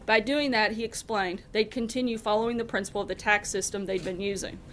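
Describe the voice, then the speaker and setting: A woman narrating a story in a steady, storytelling manner. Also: medium pitch, a little hiss or hum.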